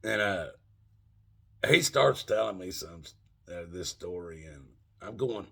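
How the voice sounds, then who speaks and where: A man's voice: low voice, lively intonation, slow pace, creaky, a bit bright, breathy edge. A middle-aged man casually telling a rambling, profane story and calling his listeners folks. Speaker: channel host telling a story.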